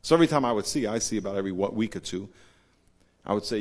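A male pastor giving a sermon, swinging between low, confiding storytelling and loud, emphatic preaching. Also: quick pace. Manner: storytelling with laughs and acted quotes. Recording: long hall reverb.

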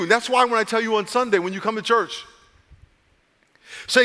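A male pastor preaching a lively, humorous sermon, drawing his congregation into call-and-response. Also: sits high, moderate pace. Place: church sanctuary. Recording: long reverb of a church hall.

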